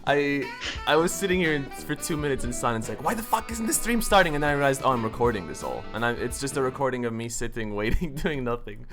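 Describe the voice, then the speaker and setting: A man hosting a casual gaming podcast in a loose, chatty way. He swears freely and throws in laughing asides between topics. His voice sits at an ordinary middle pitch. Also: quick pace, few pauses, music in the background. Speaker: podcast host.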